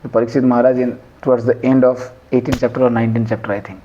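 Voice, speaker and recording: A man's voice: medium pitch, little pitch movement, racing, lo-fi sound, a crowd in the background. A man giving a devotional scripture class in a conversational way, quizzing listeners and chanting Sanskrit verses. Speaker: lecturer on scripture.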